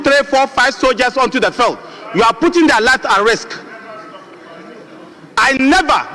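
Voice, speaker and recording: A man's voice: very high voice, bright, forceful tone. A man with a Ghanaian English accent, a member of parliament making an emphatic debate speech with repeated rhetorical questions. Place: large parliament chamber. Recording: reverberant parliament chamber.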